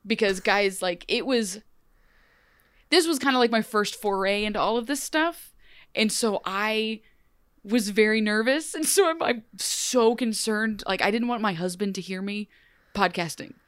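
A young woman co-hosting a podcast in a loose, animated, rambling way, often breaking into laughter. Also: mid-range voice, a little slow, no room sound, clean studio sound. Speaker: podcast co-host. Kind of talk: casual podcast chat.

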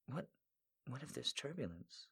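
Timid young woman flyer, a man doing her voice, hushed and fearful. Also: mid-range voice, big pitch swings, very slow, vocal fry, husky, exaggerated voice.

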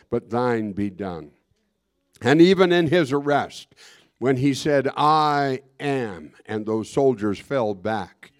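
Male pastor, low voice, fervent sermon delivery with "praise God" interjections, loud-soft swings.

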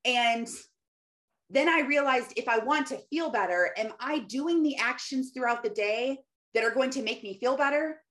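A woman's voice: high voice, normal speed, a bit bright. A woman in her thirties giving a casual, earnest faith-based encouragement talk, laughing often and quoting scripture. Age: 30s.

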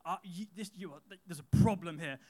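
A man voicing an angry, strict female schoolteacher who scolds two boys with a sharp, accusing, raised voice. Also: high-pitched, quick pace, natural voice.

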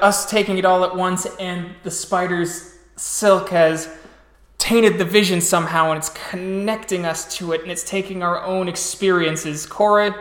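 A man narrating a tabletop game as storyteller, describing scenes slowly and restarting phrases as he goes. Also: high voice, fairly bright tone, echoey room.

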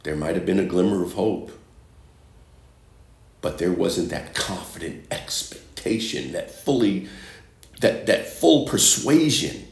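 A man's voice: deep voice, expressive, takes it slowly, gravelly, long pauses. A man preaching a sermon, reading scripture and repeating phrases for emphasis. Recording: echoey room.

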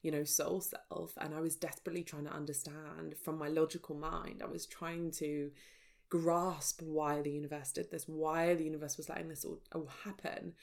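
Low gravelly woman sharing a personal story. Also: level tone, moderate pace. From England. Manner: raw, reflective, searching. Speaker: spiritual vlogger.

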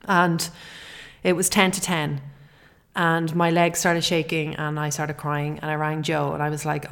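A woman's voice: sits low, flat delivery, measured pace, creaky, a bit bright. A middle-aged woman hosting a podcast, talking in an earnest, heartfelt way with frequent restarts. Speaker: podcast host. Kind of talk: personal podcast monologue.

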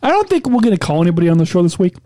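A man's voice: high-pitched, sing-song, very fast, warm tone. Hesitant man co-hosting a podcast. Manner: hesitant, many ums and restarts. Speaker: podcast co-host. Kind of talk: casual podcast chat.

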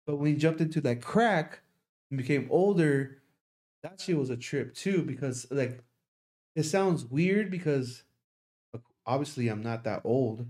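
A man's voice: medium pitch, lively intonation, measured pace, a little mellow. A young man in casual podcast talk, rambling through a long story with lots of swearing. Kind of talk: casual chat.

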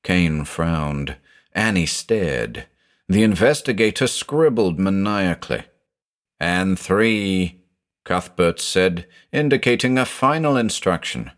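A male narrator with a very deep voice tells a scripted audio mystery, sweeping his pitch up and down with real drama. His delivery is expressive and suspenseful. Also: a little slow.

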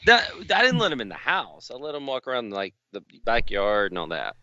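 A man casually telling a long story on a podcast, unhurried and folksy, acting out the other people in it. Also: medium pitch, wildly swooping pitch, pushed and bright, no echo. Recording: dull, slightly lo-fi dry studio sound.

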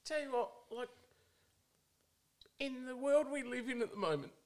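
A man co-hosting a podcast, indignant and swearing, quick to laugh. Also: extremely high pitch, expressive. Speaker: podcast co-host. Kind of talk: casual chat.

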